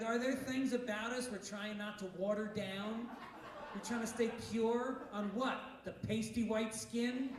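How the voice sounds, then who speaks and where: Brash high-voiced comic in an echoey club. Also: male voice. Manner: punchy, brash delivery with bursts of shouting. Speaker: stand-up comedian. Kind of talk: live stand-up set. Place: comedy club stage. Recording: very echoey room, distant mic, noisy.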